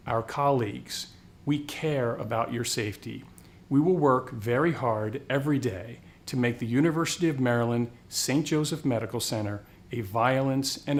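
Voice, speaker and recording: A man giving a formal, earnest scripted address to hospital colleagues. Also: mid-range voice. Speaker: hospital executive.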